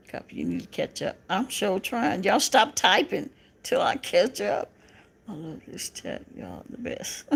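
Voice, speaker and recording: A woman's voice: lowish voice, gravelly, husky. A Southern American woman hosting a casual livestream, laughing often and teasing her viewers as she reads their comments. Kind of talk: casual live chat.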